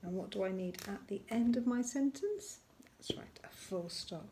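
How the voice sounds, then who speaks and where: Woman, primary teacher, remote lesson for small children: gentle, encouraging, middle pitch, slows down to dictate as she writes. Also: lively intonation, creaky, slight background noise. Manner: gentle and encouraging, slowing to dictate words while writing.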